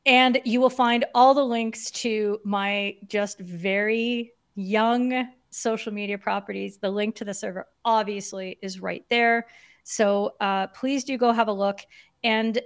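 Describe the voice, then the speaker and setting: A woman guest on a live stream speaks in a casual, earnest way. She sounds encouraging and chatty, with a mid-range pitch. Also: steady tone, a little slow, clean tone. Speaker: guest, Discord consultant for creators.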